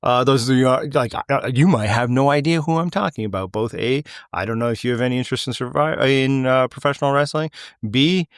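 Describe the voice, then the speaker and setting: A man's voice: medium pitch, brisk, smooth, dry recording, clean studio sound. A middle-aged man with a Canadian accent, hosting a casual podcast chat in a loose, rambling way that wanders mid-sentence. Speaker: podcast host.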